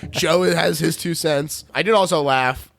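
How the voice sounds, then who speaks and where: With an unhurried, gravelly voice that's a bit bright and on the high side, a man hosts a podcast recapping a horror film. He has a Philadelphia accent, laughs often, and swears as he keeps the movie chat casual and playful. The audio has no echo.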